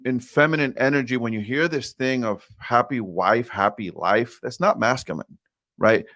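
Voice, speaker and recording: A man's voice: mid-range voice, fairly bright tone, no room sound. Earnest emphatic man telling his story. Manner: earnest, emphatic, addresses the host as brother. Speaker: podcast guest. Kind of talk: candid storytelling interview.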